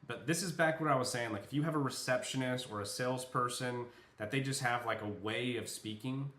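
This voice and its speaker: Chatty man with a bright, echoey voice. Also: mid-range voice, brisk. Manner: loose and chatty, many fillers, thinks aloud. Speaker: software demo presenter. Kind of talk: casual screen-share product walkthrough. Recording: echoey room.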